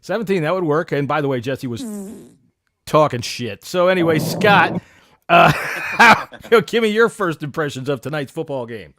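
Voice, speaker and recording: A man's voice: a little high, lively intonation, normal speed, sharp tone, no echo. A man hosting a casual sports podcast, joking, teasing and swearing. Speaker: podcast host.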